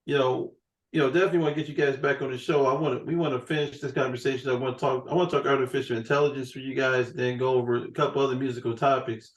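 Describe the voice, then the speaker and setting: Man, forties, podcast host, joking storyteller, middle pitch, roomy echo. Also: level tone, racing. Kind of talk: casual chat.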